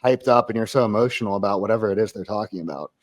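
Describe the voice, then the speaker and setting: A man's voice: fairly low pitch, rapid-fire. Blunt, profane male podcast guest. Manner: blunt, profane, laughs easily. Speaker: podcast guest, former Marine. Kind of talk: casual podcast conversation.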